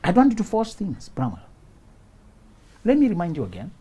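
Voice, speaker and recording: A man's voice: high-pitched, huge pitch swings, brisk, dark tone, husky. A man hosting a relationship talk show, giving advice in a preachy, repetitive way and often laughing as he acts out little scenes. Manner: preachy, repeats points for emphasis.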